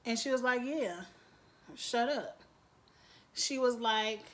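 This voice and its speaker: A woman gives a casual, opinionated recap of a TV drama. Her voice sits a bit high, and she talks in a sassy, animated way, mimicking the characters as she goes. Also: takes it slowly, long pauses. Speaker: TV recap reviewer.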